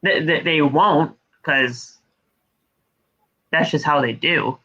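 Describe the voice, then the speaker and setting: A high, bright-toned man talks through a wrestling show on a podcast, swearing freely and recapping the action move by move. The audio is dull and lo-fi. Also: takes it slowly. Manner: profane, animated play-by-play recapping. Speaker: podcast co-host. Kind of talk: casual wrestling recap chat.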